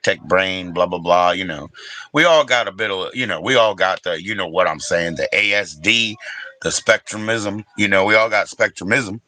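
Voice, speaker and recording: A man's voice: on the low side, sharp tone, low-quality recording. A middle-aged man with a casual, rambling and profane way of talking, hosting his own livestream and chatting with viewers. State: briefly emotional, teary. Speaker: livestream host.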